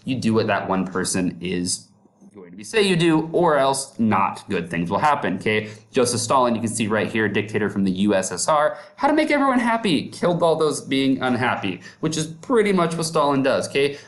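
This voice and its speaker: A man's voice: medium pitch, lively intonation, moderate pace. A man giving a casual, upbeat classroom lecture who keeps checking in with his listeners. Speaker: teacher.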